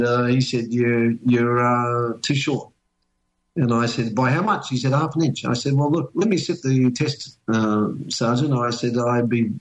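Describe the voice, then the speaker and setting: A man's voice: medium pitch, rough recording. An older man with an Australian accent, telling long stories in casual chat, rambling with many fillers and restarts.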